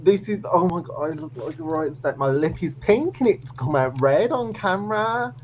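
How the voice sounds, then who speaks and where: A woman's voice: low voice, lively intonation, normal speed, a little mellow, a little hiss or hum. A woman co-hosting a casual livestream chat, dramatic and self-mocking. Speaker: co-host.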